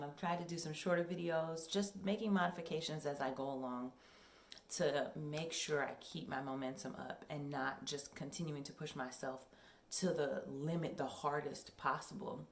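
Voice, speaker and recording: A young woman with a low voice chats casually to her camera, rambling a little and filling pauses with ums. The sound is roomy with echo from her home workout space, and there is a faint hiss behind her. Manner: chatty, rambling, with many ums. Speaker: vlogger. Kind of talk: casual vlog chat.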